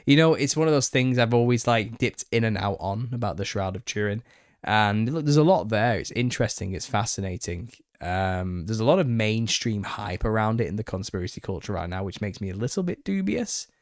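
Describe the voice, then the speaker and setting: A man hosting a live Q&A stream, reading viewer comments and answering them with exasperation and laughter, his voice a little raspy. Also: lowish voice, animated, a little fast, dry recording, clean studio sound. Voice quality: slightly raspy. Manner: reads out chat comments and retorts, exasperated, laughing. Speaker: channel host answering viewer questions.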